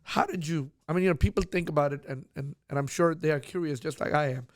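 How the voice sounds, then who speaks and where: A man hosting a podcast interview, asking questions in a halting way with many restarts. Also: on the high side, dry recording, clean studio sound. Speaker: podcast host. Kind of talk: casual interview.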